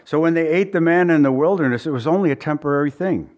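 A pastor preaching a sermon in a conversational way, with asides to the congregation and the odd chuckle. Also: male voice, fairly high pitch, quick pace, darkish tone.

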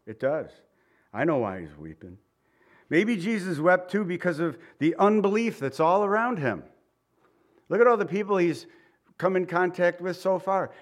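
A male pastor giving a conversational sermon. He reads scripture, repeats key phrases for emphasis and drops into quiet asides. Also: high voice.

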